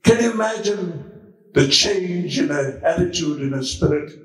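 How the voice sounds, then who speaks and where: High-voiced male preacher, slow dramatic telling, far off in a very echoey church. Hushed one moment, shouting the next. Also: animated. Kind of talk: dramatic storytelling sermon. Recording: very echoey room, far from mic.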